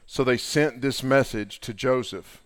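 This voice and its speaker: Earnest preacher, dry sound. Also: male voice, mid-range voice, measured pace, dry recording. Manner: casual and earnest, retelling scripture in everyday talk with slang and fillers. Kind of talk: conversational sermon.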